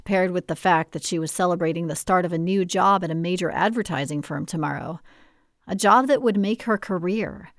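A woman narrating a novel in an expressive, measured storytelling manner. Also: fairly low pitch, dry recording, studio quality. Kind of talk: audiobook narration.

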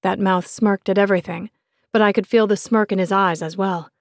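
A woman narrating a first-person romance novel in a measured, expressive reading voice on a close studio mic. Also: mid-range voice, no room sound. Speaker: audiobook narrator.

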